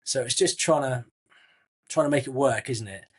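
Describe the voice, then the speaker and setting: A middle-aged actor from Southwest England chats casually as an interview guest, often restarting his sentences, adding friendly asides and calling people mate. His voice is mid-range and husky, at normal speed.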